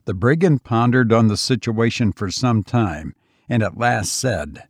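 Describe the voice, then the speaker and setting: A man narrating a storybook in a steady, unhurried reading voice. His voice is very deep and slightly husky, and the recording is dry and close. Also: no room sound.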